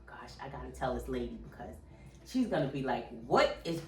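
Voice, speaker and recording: Middle-aged woman co-host, low voice, storyteller who quotes people, roomy far-off mic. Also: fairly quick, soft background music. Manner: storytelling, animated quoting of others. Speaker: podcast co-host, mother telling her pregnancy story. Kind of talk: casual chat.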